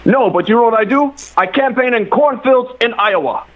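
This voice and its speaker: A man's voice: extremely high pitch, normal speed. Man impersonating an old stump-speech politician on a tinny phone line. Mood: folksy campaign. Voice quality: old-timey tinny sound. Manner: folksy campaign-speech delivery. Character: caller doing a mock old male presidential candidate. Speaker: caller.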